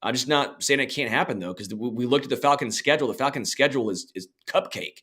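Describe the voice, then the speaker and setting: A man co-hosting a casual sports podcast, blunt and opinionated, quick to dismiss teams he doesn't trust. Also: medium pitch, a bit bright, slightly rough. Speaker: podcast co-host.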